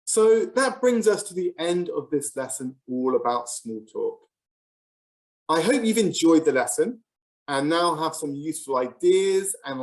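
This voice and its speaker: A teacher presenting a scripted English lesson, speaking slowly and clearly and modelling example phrases for learners. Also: mid-range voice.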